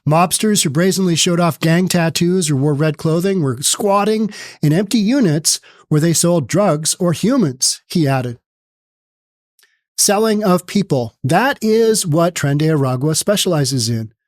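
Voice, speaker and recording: A man's voice: a little high, animated, unhurried, darkish tone, no echo, studio quality. A man hosting an opinionated news commentary show, reading news aloud and riffing on it with sarcasm. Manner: sarcastic, mocks with put-on quoted voices; reads news text aloud, then riffs on it.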